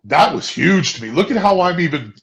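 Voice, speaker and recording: Earnest gravelly man telling a story. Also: a little high, expressive, a little fast. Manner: earnest storytelling, repeats words. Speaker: co-host. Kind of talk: casual business chat.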